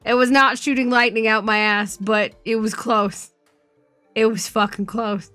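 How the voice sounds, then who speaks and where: High, bright-voiced woman laughing through stories. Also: measured pace, no room sound, soft background music. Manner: animated, profane storytelling with frequent laughter. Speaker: streamer. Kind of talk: casual chat.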